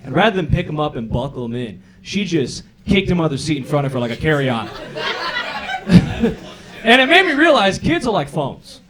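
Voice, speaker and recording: A man in his thirties performing a stand-up set on a comedy club stage, with an animated, self-deprecating, punchy delivery into a handheld mic. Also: a little high, normal speed. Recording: live club recording with crowd laughter. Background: audience laughter.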